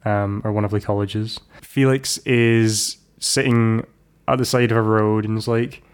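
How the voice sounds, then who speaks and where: Lower-pitched man recapping, rambling. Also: steady tone, a little slow, clean tone. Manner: rambling, self-correcting, playful. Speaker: podcast co-host. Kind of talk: casual chat recapping a film.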